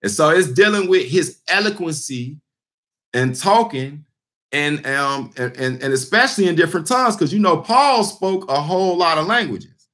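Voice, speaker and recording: Man preaching in a slightly high voice. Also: lively intonation, moderate pace, a bit bright. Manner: loose and conversational, with frequent fillers and repeats; blunt and emphatic. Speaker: street preacher. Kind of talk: informal scripture teaching.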